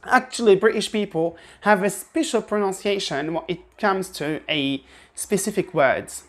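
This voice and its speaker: A woman teaching English pronunciation in an online lesson, demonstrating sounds by repeating words with exaggerated intonation and often restarting her sentences. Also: mid-range voice. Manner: restarts often, halting explanations.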